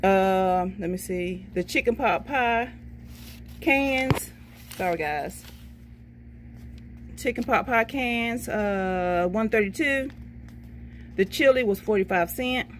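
A woman's voice: mid-range voice, lively intonation, takes it slowly, long pauses. Lady going over her haul receipt, folksy and chatty, bit of faint noise behind. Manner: chatty, folksy, says "okay, baby" to herself. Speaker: vlogger showing a shopping haul. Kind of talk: casual haul video, reading a receipt.

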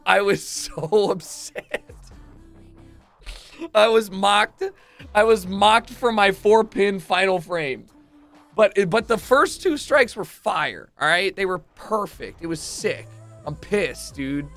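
High-voiced young man telling a story. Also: slow pace, soft background music. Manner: animated, swears freely, acts out moments, rising to shouts. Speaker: streamer. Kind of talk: casual storytelling to stream chat.

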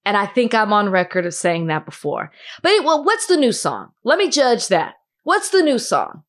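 A woman from Dallas co-hosting a podcast, teasing her partner with quick retorts and frequent laughs. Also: mid-range voice, big pitch swings. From Dallas, Texas. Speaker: podcast co-host. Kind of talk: casual chat.

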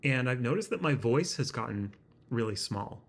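A man talking to his laptop camera in a house, halting and self-deprecating, searching for his words, with a slightly constricted sound in his throat. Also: mid-range voice, animated, gravelly. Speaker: vlogger. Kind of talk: rambling self-conscious vlog. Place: indoors in a house. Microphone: laptop webcam.

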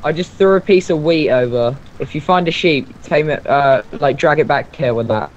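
A young man co-hosting a let's play, excitable and quick to swear. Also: fairly high pitch. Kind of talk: casual gaming chat. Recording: slightly dull lo-fi mic with faint noise.

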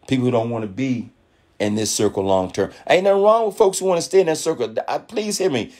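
A man giving a fired-up motivational talk to his network marketing team, preachy and animated, acting out other people's voices in quotes. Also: mid-range voice, fast. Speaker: network marketing leader speaking on a call.

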